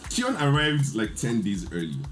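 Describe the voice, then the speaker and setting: A man, telling a lively story in casual chat and acting out the quotes. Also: medium pitch, normal speed, slight background noise. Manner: animated storyteller, laughs often, acts out quotes. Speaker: podcast guest.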